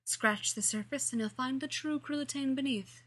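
Woman reading smug condescending male alien villain, bright breathy voice, mannered storybook delivery. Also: high voice, moderate pace, pitched above the performer's own voice.

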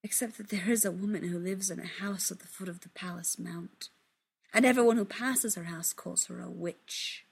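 A woman reading a literary story aloud in a hushed, measured, intimate way, often dropping into a whisper. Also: lowish voice, vocal fry, slightly rough.

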